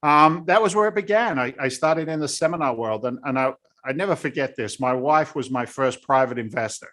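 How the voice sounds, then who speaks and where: A man's voice: medium pitch, fairly quick, a bit bright. A man, a guest in a casual interview, telling his story bluntly and with animation. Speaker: guest, real estate investor.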